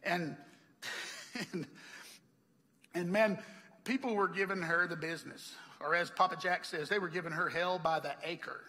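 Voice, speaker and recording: A man's voice: high-pitched, fairly even intonation, unhurried, long pauses, pushed and bright, long reverb tail, a little hiss or hum. A man preaching a sermon, a chatty storyteller who laughs often and acts out the people he quotes. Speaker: pastor. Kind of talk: sermon with personal stories. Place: church hall.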